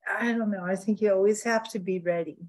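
A woman co-hosting a radio talk show, musing reflectively and slowing down to make her points. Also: mid-range voice, fairly even intonation, a little mellow. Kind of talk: casual radio chat.

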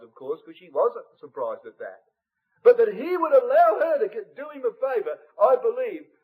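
Lively high-pitched man preaching. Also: rough recording. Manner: expository, addresses brethren and sisters, varies loudness widely. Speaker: Bible study speaker. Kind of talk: Bible study sermon.

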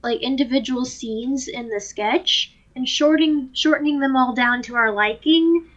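A woman's voice: high voice, a little slow. A young woman co-hosting a podcast, joking playfully and laughing easily. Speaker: podcast co-host. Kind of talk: casual chat. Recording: dull lo-fi mic.

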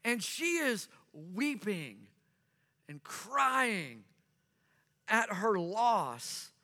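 Slow, bright-voiced male preacher. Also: high-pitched, very animated. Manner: earnest storytelling, repeats phrases for emphasis. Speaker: pastor. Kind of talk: sermon. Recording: long reverb of a large hall.

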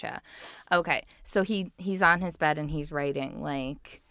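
A woman's voice: deep voice, moderate pace, sharp tone, no echo, clean studio sound. A woman in her thirties co-hosting a casual podcast, retelling a cartoon episode and acting out the characters' lines. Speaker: podcast co-host.

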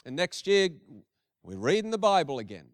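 Middle-aged male pastor, high clear voice, dry and close, preaches casually with emphatic repetition. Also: very animated, normal speed, no echo. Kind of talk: sermon.

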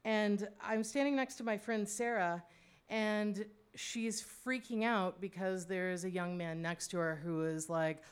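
A woman's voice: medium pitch, fairly even intonation, measured pace, clean tone. A woman telling a personal story in a conversational, wry way, full of asides and fillers. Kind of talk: personal storytelling, spoken monologue.

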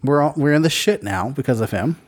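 A young man co-hosting a podcast, chatting casually in a rambling, animated way, with lots of fillers and swearing. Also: medium pitch, a little fast. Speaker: podcast co-host. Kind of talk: casual chat.

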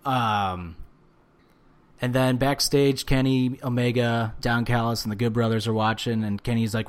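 A man's voice: medium pitch, a little slow, clean tone. Profane, ranting male wrestling podcaster. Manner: animated, profane, rants with bursts of shouting. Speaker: podcast co-host. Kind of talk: casual wrestling recap chat.

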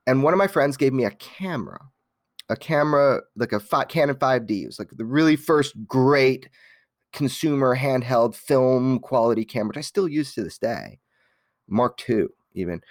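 Animated man telling his story. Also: mid-range voice, moderate pace, no echo, studio quality. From Los Angeles. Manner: animated, frequent restarts, casual swearing. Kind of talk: candid personal storytelling.

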